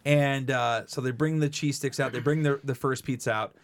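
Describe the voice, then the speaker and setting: A man co-hosting a podcast, telling animated stories in casual chat and swearing freely. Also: mid-range voice, normal speed, background noise. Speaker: podcast co-host.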